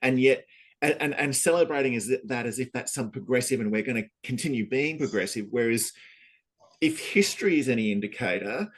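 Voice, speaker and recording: A man's voice: mid-range voice, brisk. A man talking politics in a loose, rambling podcast chat, full of restarts and fillers.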